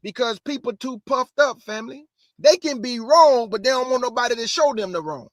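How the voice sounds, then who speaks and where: A man preaches to his online audience, quick and emphatic, circling back to repeat his points. His voice sits high for a man, and the sound is dry and close to the mic. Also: a bit bright, dry recording. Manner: fast, conversational, emphatic, repeats phrases. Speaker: online Bible teacher. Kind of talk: livestream preaching. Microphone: close microphone.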